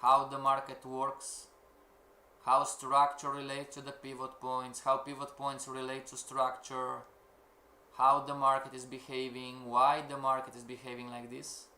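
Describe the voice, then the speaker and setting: A man's voice: mid-range voice, completely flat delivery, unhurried, sharp tone, reverberant. A man teaching a live-streamed trading lecture in English, which is not his first language. He keeps asking rhetorical questions and calling out to everybody. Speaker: trading course instructor.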